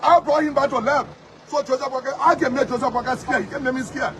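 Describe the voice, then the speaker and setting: Man, Liberian accent, combative, repetitive, busy street with sirens, loud crowd. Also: very high voice, steady tone, fast talker, noisy background. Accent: Liberian English. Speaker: politician. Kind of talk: heated street interview.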